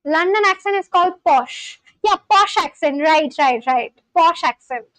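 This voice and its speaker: A woman with an extremely high, animated voice rambles casually on a livestream at a measured pace, reading viewer comments aloud and answering them. The low-quality recording has no room sound.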